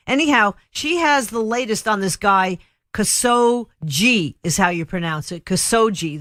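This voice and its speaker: A woman's voice: medium pitch, fairly bright tone, no echo. A woman hosts a political talk radio show in a chatty, emphatic way. She rambles from one point to the next. The recording is dry and close. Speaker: radio host.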